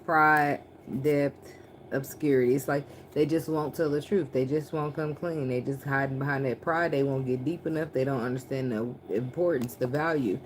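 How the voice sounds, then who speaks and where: A woman's voice: extremely low pitch, fairly even intonation, normal speed, a little hiss or hum. A woman doing a casual tarot reading, talking bluntly with plenty of swearing and frequent laughter. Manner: blunt, profane, laughs often. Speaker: tarot reader.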